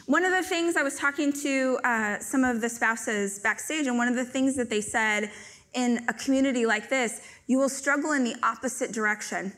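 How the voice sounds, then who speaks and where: A woman giving a live stage talk to an audience, telling stories in an animated, joking way. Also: fairly high pitch, normal speed. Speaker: motivational speaker.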